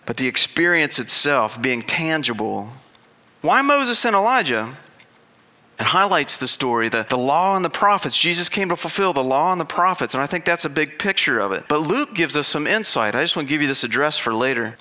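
Bright-voiced man preaching a sermon. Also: a little high, lively intonation, a little fast, hardly any pauses. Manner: conversational, earnest preaching with frequent restarts. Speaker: pastor.

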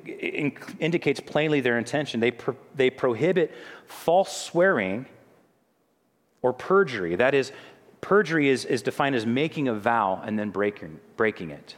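A middle-aged man preaching a sermon in a conversational way, often restarting his sentences. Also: medium pitch. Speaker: pastor. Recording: long hall reverb.

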